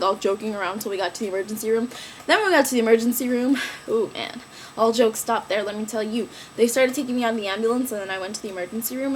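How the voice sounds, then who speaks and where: A young woman telling a story in a casual vlog, animated and slangy, acting out quoted lines in a raised voice. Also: on the high side, a little hiss or hum, poor audio. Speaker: vlogger.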